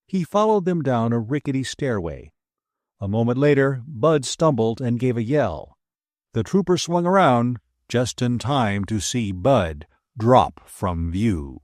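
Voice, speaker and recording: A man narrates an adventure audiobook in a lively, expressive voice with a middle pitch. The read is dry and close to the mic. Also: a little slow, no echo. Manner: expressive storytelling delivery.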